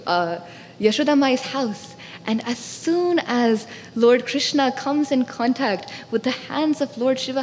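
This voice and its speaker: Woman telling a temple story, kinda high voice, big hall echo, soft hum behind. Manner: animated, voices characters. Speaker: storyteller speaker. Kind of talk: devotional storytelling talk.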